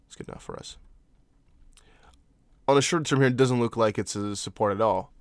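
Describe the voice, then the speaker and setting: This crypto livestream host is a young man whose English isn't native; his voice is fairly low in pitch, brisk, and clean in tone. He chats casually and responds to viewer comments with restarts and apologetic asides, in a dry recording.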